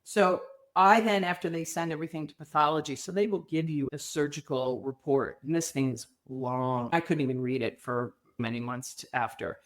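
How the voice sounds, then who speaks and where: Middle-aged woman guest telling her story, lowish voice, acts out the quotes. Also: moderate pace. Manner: animated, acts out quoted dialogue. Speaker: podcast guest. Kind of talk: candid storytelling interview.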